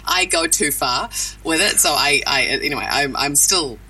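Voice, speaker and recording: A woman from New Zealand with a New Zealand accent, a voice actress chatting in an interview, animated and quick to laugh. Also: deep voice, creaky, husky, far from the mic, rough recording. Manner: animated, laughs often, self-deprecating. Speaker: voice actress guest. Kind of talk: casual interview chat.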